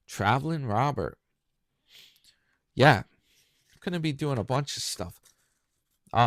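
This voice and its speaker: A medium-pitched man hosts a YouTube commentary video solo, chatting loosely with viewers and making fun of himself along the way. The recording is studio quality with no echo.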